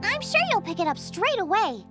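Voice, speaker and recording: A woman's voice: extremely high pitch, over loud music. A woman playing a cheerful, food-obsessed young female chef in a video game, bubbly and eager. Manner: bubbly, enthusiastic, rapid excited outbursts.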